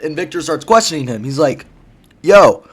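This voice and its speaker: A man's voice: medium pitch, normal speed. A man casually retelling a story, rambling with lots of fillers and swearing. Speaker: vlogger.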